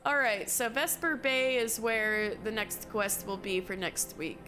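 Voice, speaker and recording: A woman's voice: fairly high pitch, unhurried. A woman streamer giving chatty, casual commentary while playing, thinking aloud with mild swearing. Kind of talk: casual live game commentary. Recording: loud game music behind.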